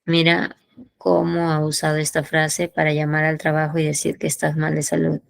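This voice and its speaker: A woman runs an English lesson, moving between English and as she explains idioms. Her voice sits fairly low with a gravelly edge, and the sound is dry and close. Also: completely flat delivery, brisk, no echo, rough recording. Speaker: English teacher.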